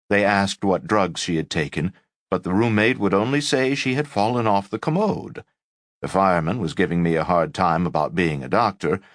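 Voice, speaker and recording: A man reading a first-person memoir aloud in an expressive narration. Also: low voice, no room sound, studio quality. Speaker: audiobook narrator. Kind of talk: scripted narration.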